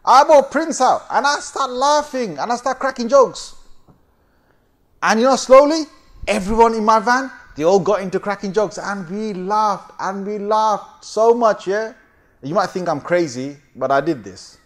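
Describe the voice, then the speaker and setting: A man preaching a sermon as a lively story. He often laughs, swings his voice up and down, and keeps checking with his listeners. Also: a little slow. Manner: animated, laughing often, big swings in pitch and loudness; chatty, asks the audience for agreement.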